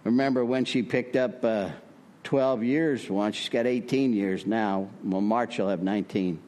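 Speaking with a fairly low, darkish voice at an unhurried pace, an older man from Prescott, Arizona recounts his story at a recovery meeting. His talk is folksy and filler-heavy, rising in pitch whenever he starts to preach.

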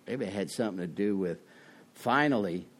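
A middle-aged man telling his own recovery story in a meeting, self-mocking, with sudden loud high bursts. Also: expressive, fairly quick. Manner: self-mocking, laughs at himself. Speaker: recovering alcoholic speaker.

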